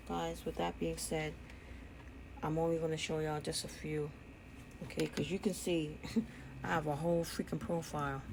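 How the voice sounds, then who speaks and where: A woman's voice: sits low, creaky, a little mellow, a little hiss or hum. A woman with a New York accent, talking to her viewers in an emotional personal vlog, angry and repeating herself. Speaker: vlogger.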